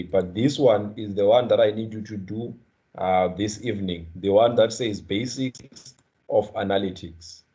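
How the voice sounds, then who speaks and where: A man's voice: lowish voice, warm tone. A man from the Eastern Cape with a South African accent, leading an online class, checking in with students and often repeating words. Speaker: guest trainer. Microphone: video call. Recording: dull lo-fi video call audio.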